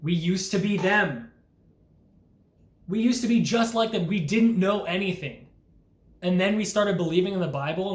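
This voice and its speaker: A man's voice: high-pitched, reverberant. A young man delivering an impassioned, earnest preaching monologue as a Christian vlogger, urgent and full of rhetorical questions.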